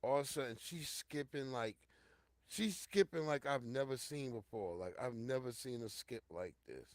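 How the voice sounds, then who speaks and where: A middle-aged man hosting a show, telling a personal story in a casual, profane monologue, talking straight to his listeners and swinging from loud outbursts to hushed low tones. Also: expressive, normal speed, dry recording, clean studio sound. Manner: addresses listeners directly and repeatedly.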